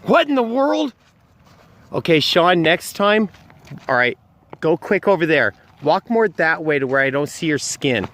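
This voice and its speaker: A man's voice: a little high, lively intonation, moderate pace, fairly bright tone. A man hosting a ghost-hunting vlog outdoors in a cemetery at night, talking into a handheld camera mic. He exclaims often and keeps repeating short phrases. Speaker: vlog host.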